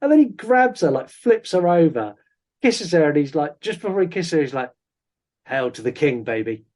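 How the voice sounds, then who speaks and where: Man, fairly high voice, rambling podcast host who quotes film lines. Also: big pitch swings, brisk, a little mellow. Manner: chatty, with many ums and quoted lines. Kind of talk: casual film review chat.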